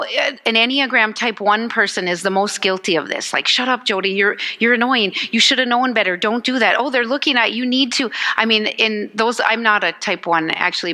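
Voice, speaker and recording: A woman giving a motivational talk as guest speaker at a church service, animated, acting out quotes and asking the audience questions. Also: fairly high pitch.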